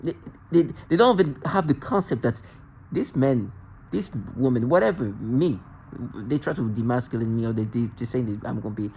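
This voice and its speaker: A man rants alone in an agitated monologue, tripping over words and restarting sentences. His voice sits in a middle pitch. A faint noise runs underneath. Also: lively intonation, normal speed, a little mellow, low-quality recording. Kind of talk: self-recorded monologue rant.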